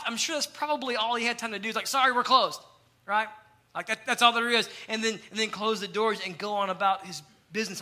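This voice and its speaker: A young adult male pastor, preaching a sermon with animated storytelling and acted-out quotes. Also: sits high.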